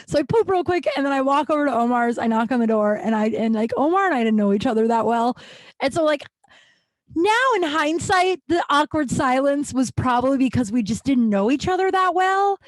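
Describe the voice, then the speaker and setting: In this casual storytelling monologue, a Coloradan podcast host in her thirties shares a personal story with candor, self-mockery and plenty of cursing. Her voice sits high with lively intonation at normal speed, with no room sound.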